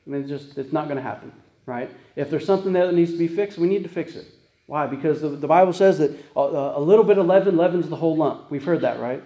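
A man's voice: fairly high pitch, quick pace, mellow, roomy sound. A man preaching a sermon as pastor, conversational, often checking in with "right?" and "guess what?".

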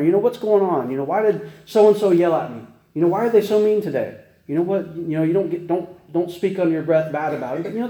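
A man's voice: high voice, dark tone, reverberant, poor audio. A man preaching a casual sermon, chatty and folksy, with many restarts and laughing at himself as he tells stories.

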